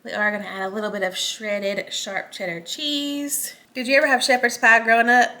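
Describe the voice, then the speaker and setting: A woman's voice: a little high, level tone, moderate pace, bright, forceful tone. A woman hosting a home cooking video, chatting casually to viewers and giggling often. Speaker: cooking channel host. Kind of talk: casual cooking demo chat.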